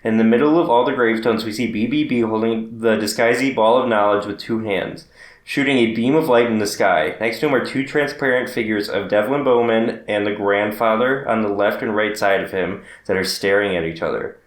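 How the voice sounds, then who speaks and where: A man co-hosting a casual podcast chat, joking and reading aloud in a playful deadpan. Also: lowish voice, brisk. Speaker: podcast co-host. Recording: roomy echo.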